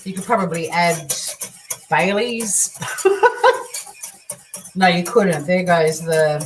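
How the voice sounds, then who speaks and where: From her home kitchen, an Australian woman runs a casual live cooking stream, chatting, making crude jokes, and reading viewer comments aloud while she cooks. Her voice is fairly low and slow, with a slight hiss or hum. The mic is distant, picking up faint kitchen clatter and the clink of dishes and cutlery.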